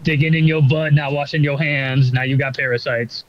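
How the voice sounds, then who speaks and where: A man's voice: a little high, steady tone, normal speed, muffled recording. A man chatting casually as a podcast co-host, rambling with lots of fillers and swearing. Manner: rambling, many fillers and profanity. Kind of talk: casual chat.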